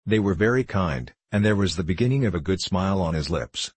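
A male audiobook narrator reads a classic children's story in a measured, even manner. His voice is very low and slightly husky, and the recording is close and dry with no room sound. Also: no echo.

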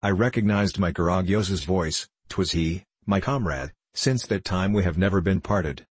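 Deep raspy guy reading an audiobook, steady storyteller pace, dead dry booth sound. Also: measured pace, no room sound. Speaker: narrator. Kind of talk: audiobook narration.

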